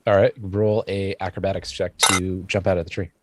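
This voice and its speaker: A man narrating as game master, speaking in a relaxed way with fillers. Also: low voice, a little fast, very noisy.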